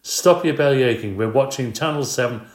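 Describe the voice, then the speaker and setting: A man voicing a tired, short-tempered father who barks gruffly at his kids. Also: medium pitch, a little fast, natural voice. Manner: gruff, barking. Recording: roomy echo.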